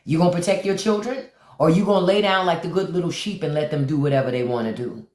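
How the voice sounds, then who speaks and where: This woman's voice is low, quick and a little mellow as she delivers livestream commentary from an echoey room. Blunt and preachy, she says lines again for emphasis and calls out viewers by name.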